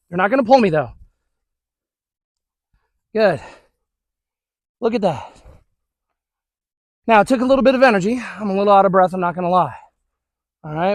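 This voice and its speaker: A man's voice: high voice, no echo, clean studio sound. A male dog trainer giving an upbeat, chatty demonstration outdoors on a suburban street, talking to viewers while praising the dogs.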